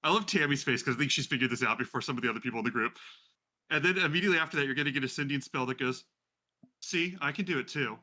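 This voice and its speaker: Guy dm narrating a tabletop game, bright voice, chatty with lots of ums. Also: mid-range voice, racing. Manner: chatty, filler-heavy narration. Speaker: game master.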